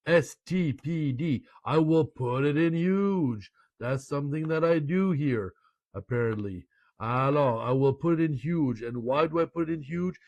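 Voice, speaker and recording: A man's voice: on the high side, lively intonation, a little slow, darkish tone, dry recording. A man from Canada teaching French online, chatty and playful, slipping French phrases into his English explanations. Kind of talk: online language lesson.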